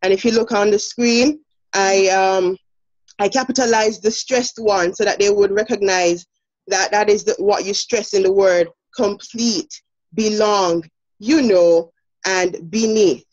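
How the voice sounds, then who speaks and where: A woman's voice: medium pitch, steady tone, a little slow, darkish tone. Jamaican woman teacher, dull lo-fi recording. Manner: explains step by step, many fillers. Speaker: teacher presenting a lesson. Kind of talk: demo lesson presentation. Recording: dull lo-fi sound.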